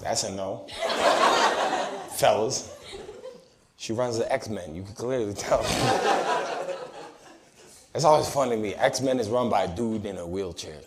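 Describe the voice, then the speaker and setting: A man doing stand-up crowd work on a comedy club stage, brash, swinging from shouts to mumbled asides. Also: fairly low pitch, measured pace, pauses often, heavy background noise.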